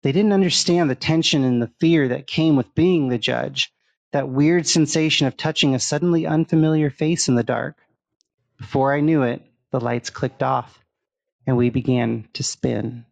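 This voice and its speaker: A man reading a first-person horror story aloud in a steady storytelling manner. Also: mid-range voice, moderate pace, creaky, no room sound. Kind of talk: scripted horror narration.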